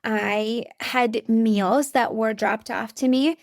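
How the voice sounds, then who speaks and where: Woman, thirties, podcast host. Earnest, chatty delivery straight to listeners, somewhat high voice, dry close sound. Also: fairly even intonation, slow pace, vocal fry, no room sound. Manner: earnest, conversational, speaks directly to listeners. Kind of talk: faith-based parenting podcast monologue.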